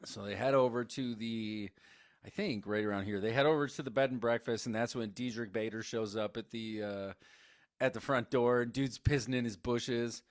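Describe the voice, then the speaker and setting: A man co-hosting a casual movie recap podcast, animated and swearing freely as he acts out scenes. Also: medium pitch, normal speed, no room sound, clean studio sound. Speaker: podcast co-host.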